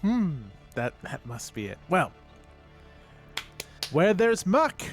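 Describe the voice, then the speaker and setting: A man's voice: high voice, big pitch swings, slow pace, soft background music, voice pushed up, exaggerated voice. A man voicing a prim, genteel middle-aged woman with a mannered, polite way of speaking.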